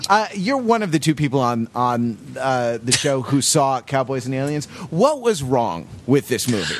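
Give me a man with a middle-pitched, ordinary voice who hosts a chatty podcast. His tone is joking and easygoing, and he keeps setting up topics for the others. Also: very animated, moderate pace, few pauses, a little hiss or hum. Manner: jokey, introduces co-hosts and topics. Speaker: podcast host. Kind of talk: casual podcast chat.

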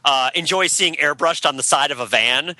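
A man chatting casually about a movie, excitable and laughing, breaking into mock heavy-metal narration. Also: fairly high pitch, normal speed. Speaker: podcast panelist. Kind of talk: casual movie review chat.

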